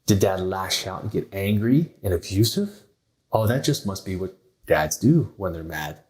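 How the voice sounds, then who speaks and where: A man's voice: low-pitched, animated, normal speed, a little mellow, poor audio. A man hosting a health podcast, talking bluntly and emphatically, often acting out what others say. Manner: blunt, emphatic, acts out quoted voices. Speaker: podcast host. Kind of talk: motivational health talk.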